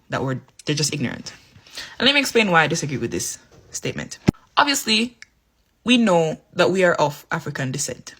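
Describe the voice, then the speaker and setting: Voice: medium pitch, sing-song, brisk, a bit bright, a little hiss or hum. Commentator explaining a view. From Jamaica. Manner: explaining, argumentative. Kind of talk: reaction commentary.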